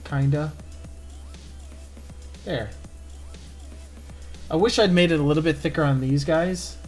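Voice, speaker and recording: A man who is a cartoonist, chatting casually while he inks a drawing on stream and trailing off into low-key asides to himself. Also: slow, faint music behind. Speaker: cartoonist streaming his inking.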